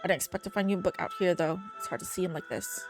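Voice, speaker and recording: A woman's voice: on the low side, fast talker, over music. A woman playing a story game, reading the narration aloud and breaking off to curse and scold herself. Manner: exclaims at jump scares.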